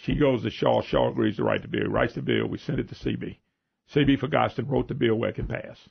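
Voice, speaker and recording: A man with a Louisiana Southern accent hosts a talk radio show, spinning folksy anecdotes with lively swings in pitch. His voice is deeply gravelly and husky, sitting a little high for a man. The broadcast sounds dull and lo-fi. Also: quick pace. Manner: animated, folksy, rambling anecdotes.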